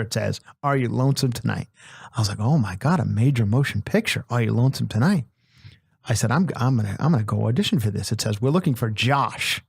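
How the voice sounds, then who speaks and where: A man hosting a comedy podcast, telling a long story in an animated, self-mocking way that often repeats itself. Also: mid-range voice, gravelly, husky, no room sound, clean studio sound. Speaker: podcast host.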